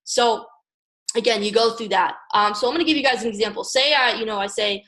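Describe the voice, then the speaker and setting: A young woman from Maryland giving an energetic motivational coaching talk, repeating "guys" and "okay" and acting out phone calls. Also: fairly high pitch, fairly quick, rough recording. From Maryland, USA. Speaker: network marketing team leader.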